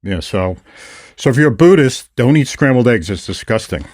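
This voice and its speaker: An older man hosting a podcast, chatting casually and retelling his encounters with lively storytelling. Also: medium pitch, normal speed, dry recording, clean studio sound. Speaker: podcast host. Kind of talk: casual conversation.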